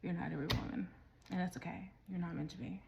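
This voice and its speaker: Breathless creaky-voiced woman reading tarot. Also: on the low side, steady tone, fast, highs cut off, noisy background. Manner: rambling, restarts and trails off mid-thought. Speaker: tarot reader.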